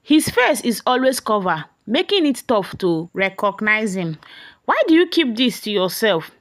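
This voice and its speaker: A woman voicing a calm, gentle young man who questions softly. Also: mid-range voice, a little slow.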